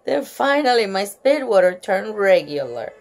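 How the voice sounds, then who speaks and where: A woman's voice: mid-range voice, sing-song, moderate pace. A woman reading a children's book aloud at home, giggling often and breaking off to chat. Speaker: storyteller.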